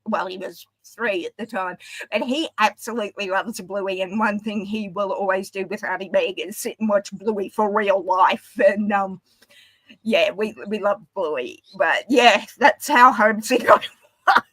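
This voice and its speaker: A woman's voice: mid-range voice, unhurried, fairly bright tone, dry recording, rough recording. A woman with an Australian accent, chatting casually and rambling with frequent laughs. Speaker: panel guest. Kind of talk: casual chat.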